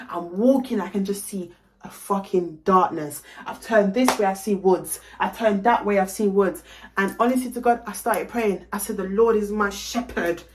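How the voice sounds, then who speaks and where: A woman's voice: on the high side, a bit bright. A young woman telling a storytime vlog, emphatic, swearing freely and slipping into Caribbean slang. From London. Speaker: vlogger.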